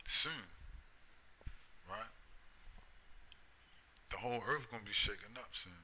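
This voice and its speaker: A man's voice: lowish voice, slow pace, bright, forceful tone, a little hiss or hum, rough recording. A middle-aged man delivering a preachy, profane rant, full of repetition and tag questions. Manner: profane, repetitive, keeps asking "right?" and "you see?". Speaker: vlogger. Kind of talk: preachy ranting monologue.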